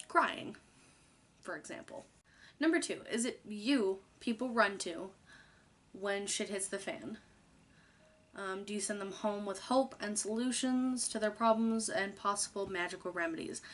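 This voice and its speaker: A woman's voice: medium pitch, fairly bright tone. Chatty young woman vlogging. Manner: chatty, rambling, candid, swears casually. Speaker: YouTuber. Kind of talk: casual talk to camera.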